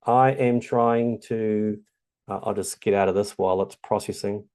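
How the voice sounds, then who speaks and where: Nz guy walking through a tutorial, gravelly and mellow, loose and chatty. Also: lowish voice, steady tone, a little slow. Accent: New Zealand. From New Zealand. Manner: chatty, loose, many ums. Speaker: tutorial host. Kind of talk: casual screen-share tutorial.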